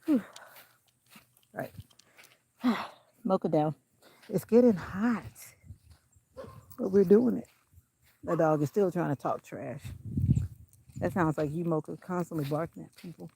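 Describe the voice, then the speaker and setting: A woman's voice: lowish voice, measured pace, creaky, long pauses, warm tone, husky. A woman vlogging casually while walking her dog outdoors on a country road, chatting and giving the dog firm commands. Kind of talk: casual walking vlog commentary.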